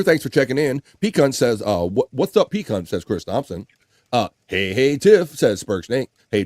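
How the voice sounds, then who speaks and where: A man's voice: medium pitch, dry recording, studio quality. A man hosting a live stream show, casually reading out viewer comments with jokes and frequent laughter. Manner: animated and jokey, laughs often. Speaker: livestream show host.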